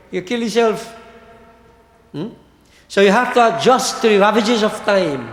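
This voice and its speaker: A man who is a Hindu priest, preaching a sermon to devotees and repeating his key words for emphasis. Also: sits high. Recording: echoey hall.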